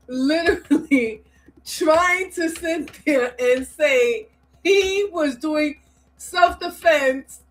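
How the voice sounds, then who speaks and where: Playful high-voiced woman co-host. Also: slight background noise, low-quality recording. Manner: playful, teasing. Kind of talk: casual reaction chat.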